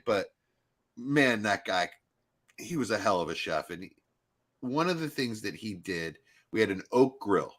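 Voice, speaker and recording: Middle-aged male co-host, low voice, animated casual storyteller. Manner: animated storyteller, mimics accents in passing. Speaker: podcast co-host. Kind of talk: casual chat.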